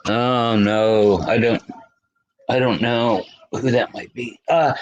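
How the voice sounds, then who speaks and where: A man's voice: medium pitch, fairly even intonation, takes it slowly, poor audio. A man hosting a casual livestream, chatting with viewers by name and laughing often. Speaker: livestream host.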